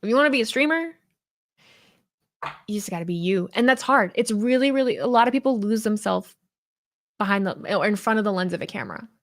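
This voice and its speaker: A woman's voice: mid-range voice, animated, fairly quick, long pauses. A woman hosting a live stream, chatting candidly and rambling, swearing freely as she talks. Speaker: host of a wrestling stream. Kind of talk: casual live-stream chat.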